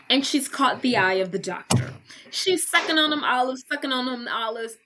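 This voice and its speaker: A woman podcast co-host casually recapping a movie plot, animated and full of swearing. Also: high voice, background noise. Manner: animated retelling with acted quotes, swearing.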